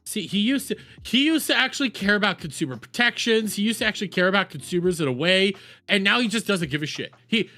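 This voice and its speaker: Loud, mocking male streamer. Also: high voice. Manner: loud, profane, mocking, swings between shouts and mutters. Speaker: streamer reacting to a video. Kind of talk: casual livestream reaction commentary.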